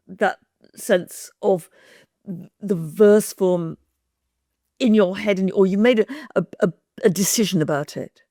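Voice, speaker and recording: A woman's voice: mid-range voice, gravelly, darkish tone, no echo, clean studio sound. A woman podcast host asking thoughtful, searching questions about translation, often restarting her phrases. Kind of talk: interview conversation.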